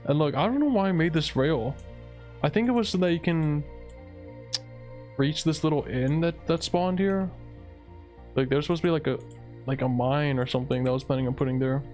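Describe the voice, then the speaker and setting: A man's voice: on the high side, fairly quick, long pauses, darkish tone. A young man giving rambling, casual commentary over his own gameplay, saying "dude" a lot. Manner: rambling, laid-back, says "dude" a lot. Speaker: gaming video creator. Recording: faint game music behind. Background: game music.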